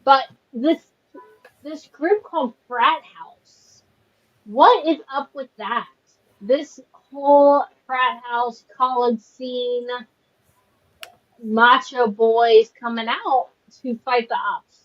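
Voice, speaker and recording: Slow-talking woman host, muffled call audio. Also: fairly high pitch. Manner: slow, easygoing, moves the show along. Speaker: podcast host running the segments. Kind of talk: casual wrestling review chat.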